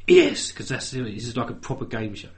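An English man from Essex trades rambling jokes with his co-host. He laughs easily, and his voice rises and falls a lot. It sounds like a relaxed chat between friends. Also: medium pitch, normal speed. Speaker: podcast co-host. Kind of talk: casual banter.

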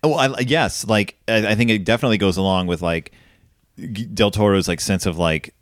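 A man's voice: lowish voice, brisk, dry recording, studio quality. A man hosting a casual film discussion podcast, telling stories with lots of fillers. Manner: animated storytelling, many fillers. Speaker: podcast host.

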